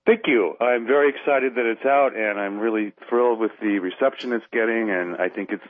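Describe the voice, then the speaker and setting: A man's voice: lowish voice, a little fast, dry recording. Male guest on call, earnest, dry tinny phone-line sound. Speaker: guest author. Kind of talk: radio interview.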